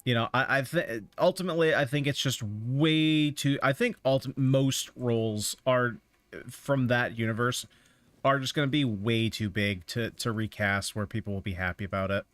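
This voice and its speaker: A man's voice: mid-range voice, moderate pace, fairly bright tone, dry recording. Male game streamer rambling casually. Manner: rambling, opinionated musing. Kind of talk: casual chat while playing a game.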